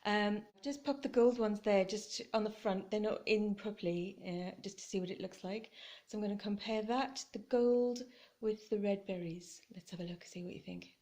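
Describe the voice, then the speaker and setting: A vlogger chats casually while decorating her home, giggling and talking to her cat, recorded on a camera phone. Her mellow voice is medium-pitched and steady, at a normal speed.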